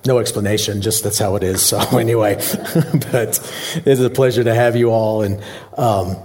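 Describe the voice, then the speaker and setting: A man's voice: fairly low pitch, moderate pace, noisy background. A male pastor giving a Christmas Eve sermon in a joking, conversational way, asking the congregation questions.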